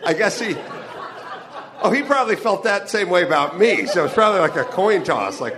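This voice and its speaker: A man with a somewhat higher-than-usual voice rants through a live stand-up set, swearing freely and tossing off dry asides. He is from the Los Angeles area and talks into a stage mic to a live venue. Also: very animated, normal speed, a crowd in the background. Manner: profane, ranting, wry asides. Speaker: comedian performing live. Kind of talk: stand-up comedy monologue.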